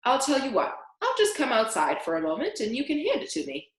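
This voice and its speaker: A menacing male teacher sneers and forces out polite words, as a woman reading aloud puts him on. His pitch rises and falls widely. The room is echoey. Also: huge pitch swings, fairly quick. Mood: falsely polite.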